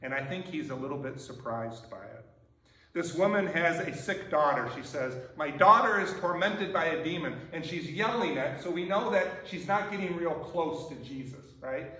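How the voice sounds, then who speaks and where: A man preaching a sermon as pastor, talking in a relaxed, conversational way and often checking in with "right?". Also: fairly high pitch, normal speed. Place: church sanctuary. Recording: echoey church from far off.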